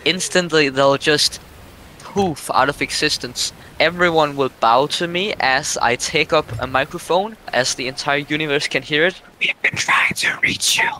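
A young man talks his way through a game, goofing off with a string of silly jokes. His voice is bright and forward, close on a desk mic, with a faint hiss underneath. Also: a little high, moderate pace, rough recording. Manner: goofy, joking, rambling. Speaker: gaming video host. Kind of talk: casual gameplay chat.

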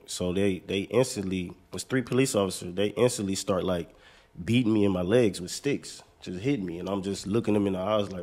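A man's voice: deep voice, a little fast. An American man, a basketball player, casually and laid-back telling a personal story as a guest. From United States. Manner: relaxed, laid-back, says "man" a lot.

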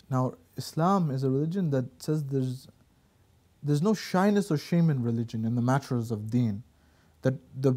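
A man on a religious talk show, telling stories in an emphatic, preaching way. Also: fairly high pitch. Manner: storytelling preacher, animated and emphatic. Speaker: guest speaker.

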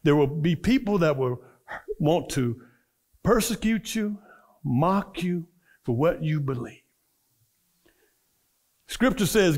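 A middle-aged man preaches a sermon, weaving personal stories into his message. His voice sits a little high and swings widely in pitch as he acts out the people he describes. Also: expressive, slow pace, pauses often, a little mellow. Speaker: minister. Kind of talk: storytelling sermon.

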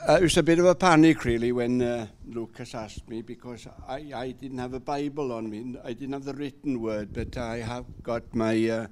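Welsh guy at church, mid pitch, chatty and a bit hesitant, lots of uhs. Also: normal speed, few pauses, a little mellow. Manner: chatty, self-deprecating, hesitant with fillers. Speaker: scripture reader. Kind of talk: casual remarks before a reading. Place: church service.

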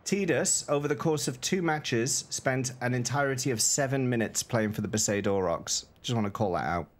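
Joking game streamer. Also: male voice, mid-range voice, moderate pace. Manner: joking, rambling banter. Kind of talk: live gameplay commentary.

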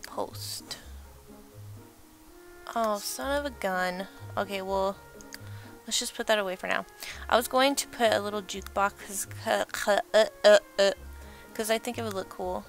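A woman's voice: medium pitch, fairly even intonation, normal speed, soft background music. A young woman giving casual, rambling let's-play commentary while she builds, chatting and laughing at herself. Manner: chatty, rambling, self-deprecating, laughs often.

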